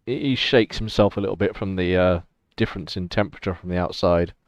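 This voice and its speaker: A man narrating a tabletop game as game master, describing scenes in a relaxed way with fillers. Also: low voice, fast talker, no echo. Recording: dull dry lo-fi recording.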